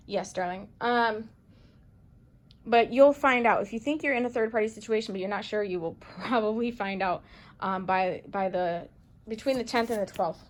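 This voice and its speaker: At an ordinary speed, the tarot reader and channel host talks to camera in a relaxed, lively, playful way. Bright bursts of energy mix with low asides muttered under her breath, and she calls her audience darling and baby.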